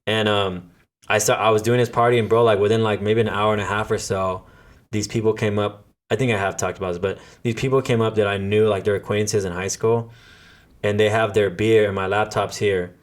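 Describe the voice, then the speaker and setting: A man's voice: lowish voice, steady tone, a little fast. A man hosting a podcast, telling a story in a loose, casual way, swearing freely and stopping often to restart. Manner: profane, loose storytelling with many fillers and restarts. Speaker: podcast host and DJ.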